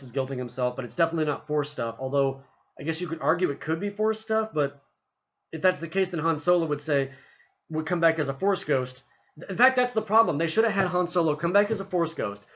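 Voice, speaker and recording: Guy rambling about a movie, lots of restarts, kinda high voice, muffled cheap mic. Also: brisk, a bit bright. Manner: rambling, many restarts, paraphrases scenes in voices. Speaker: movie reviewer. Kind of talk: casual film commentary.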